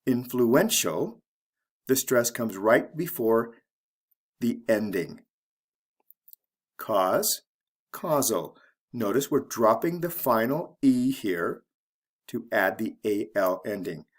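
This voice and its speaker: Male ESL teacher, slow and deliberate, spells out letters one by one. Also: lowish voice, lively intonation, breathy edge. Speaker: English teacher. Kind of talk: explaining spelling rules.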